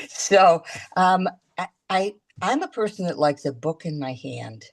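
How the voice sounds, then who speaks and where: Low-voiced woman chatting on a call. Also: big pitch swings. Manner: chatty, halting with frequent restarts. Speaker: guest. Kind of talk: casual chat.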